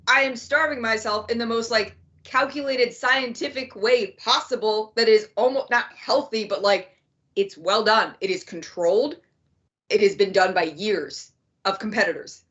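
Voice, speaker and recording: A woman's voice: on the high side, a bit bright, highs cut off. Blunt female podcast co-host. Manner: blunt, profane, emphatic. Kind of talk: casual podcast chat.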